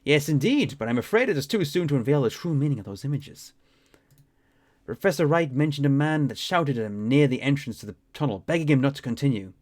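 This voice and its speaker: A man reading the lines of a weakened, learned gentleman in a measured, formal way. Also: medium pitch, expressive, lightly acted. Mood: grave.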